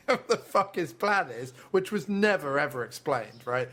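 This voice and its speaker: Man, film podcast chat, blunt and scornful, slightly higher voice. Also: sing-song, moderate pace, a bit bright. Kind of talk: casual chat.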